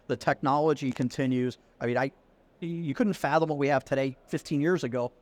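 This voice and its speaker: A man's voice: medium pitch, brisk. A middle-aged man, a podcast guest, telling a casual anecdote and acting out the dialogue as he goes. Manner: lively storyteller who acts out quoted dialogue. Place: conference venue.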